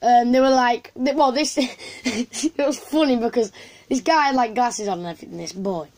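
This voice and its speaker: A woman's voice: on the high side, normal speed, darkish tone. A woman, casually telling a story to camera in a rambling way with lots of fillers and restarts.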